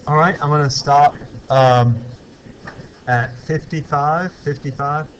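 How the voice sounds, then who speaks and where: A man lecturing a physics class in a relaxed, joking way, thinking aloud with fillers as he works through problems. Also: a little high, slow pace, highs cut off, a little hiss or hum.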